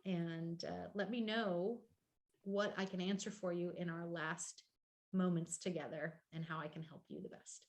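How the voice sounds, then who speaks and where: A woman's voice: on the low side, fairly even intonation, normal speed. Cheerful woman, guest speaker online. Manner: cheerful, playful, laughs easily. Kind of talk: casual chat closing a webinar. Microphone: video call.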